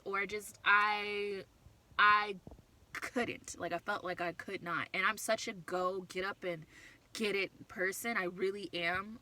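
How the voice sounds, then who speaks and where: Bright-voiced young woman talking openly in a car. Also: mid-range voice, rough recording. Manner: open, rambling, self-interrupting. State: tired from no sleep. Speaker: vlogger. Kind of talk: candid personal talk.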